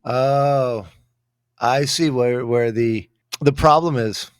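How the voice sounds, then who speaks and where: A man's voice: mid-range voice, slow pace, dry recording, clean studio sound. A man co-hosting a podcast, joking and bantering in casual chat. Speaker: podcast co-host.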